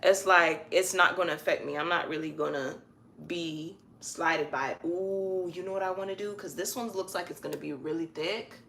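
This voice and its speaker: A woman chatting casually on a live stream while styling her own hair at home, animated and stretching words out for emphasis. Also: fairly low pitch, normal speed, vocal fry, slight background noise.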